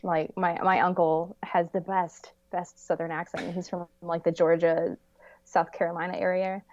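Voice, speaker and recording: A woman guesting on a podcast chats animatedly, laughing often and using hedging fillers, though her lowish, darkish voice has a flat delivery at a moderate pace. The audio has no room sound but is slightly dull and lo-fi.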